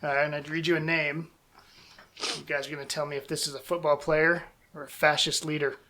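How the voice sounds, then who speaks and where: A man hosting a casual podcast quiz game, reading names out slowly and joking between answers. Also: on the high side, flat delivery, bright, forceful tone.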